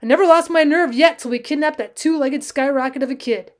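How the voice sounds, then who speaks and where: A woman voicing a nervous, rattled outlaw kidnapper for a storybook reading, loud and pleading. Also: sits high, brisk, close to an everyday voice. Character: nervous rough grown man, an outlaw kidnapper.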